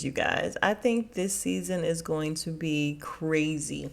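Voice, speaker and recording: Chatty woman recapping with animated pitch jumps. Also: unhurried, gravelly, few pauses. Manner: animated storytelling, acting out quotes with sudden high pitch jumps. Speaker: podcast host recapping a reality show.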